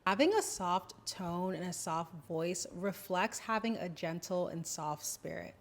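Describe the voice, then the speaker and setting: A young woman giving advice to camera in a slow, deliberate, gentle manner. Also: on the low side, expressive. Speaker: YouTuber giving femininity advice. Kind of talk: speaking-to-camera advice lesson.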